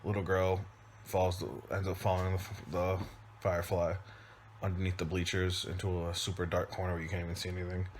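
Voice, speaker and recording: Man, very low voice, casual rambling film review, hesitant restarts. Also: completely flat delivery, fairly quick, slight background noise. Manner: loose and rambling, many ums and restarts. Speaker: father; movie reviewer. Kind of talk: casual spoken movie recap.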